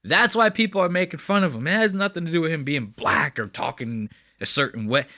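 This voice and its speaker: A man's voice: on the high side, expressive, fairly quick, sharp tone, no echo, clean studio sound. A man hosting a podcast, chatting casually and profanely about clips he plays, with lots of fillers. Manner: profane, rambling, filler-heavy. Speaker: podcast host.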